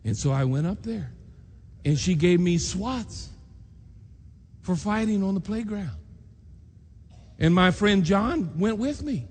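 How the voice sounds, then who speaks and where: A man's voice: high voice, expressive, slow pace, long pauses, darkish tone, slightly rough. A man preacher telling a personal story in an earnest, emotional sermon, acting out the voices of people he quotes. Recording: long reverb in a large hall, faint noise.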